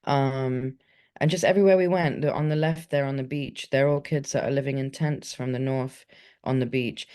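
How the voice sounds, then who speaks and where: A woman's voice: extremely low pitch, steady tone, normal speed, dark tone, clean tone. A woman, an organization's executive director, chatting casually in a webinar over a video call, with fillers. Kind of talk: webinar talk.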